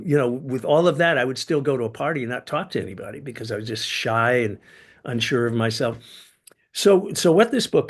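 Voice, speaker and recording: An older man, a podcast guest, telling personal stories in a casual interview, with sudden leaps in pitch and loudness as he gets into them. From United States. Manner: animated storyteller, sudden jumps in pitch and loudness.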